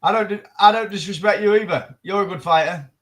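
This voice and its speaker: A young man, a boxer answering calmly and brushing off trash talk. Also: high-pitched, brisk. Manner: level-headed, dismisses trash talk, repeats short lines. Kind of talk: calm pre-fight face-off.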